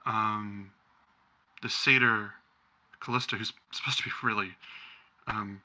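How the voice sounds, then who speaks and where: A halting, uneasy father in a tabletop game, voiced by a man. He stops and starts, filling his speech with ums, and his voice is clear and bright. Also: on the low side, fairly even intonation, low-quality recording. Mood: nervous. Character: hesitant father, halting and nervous.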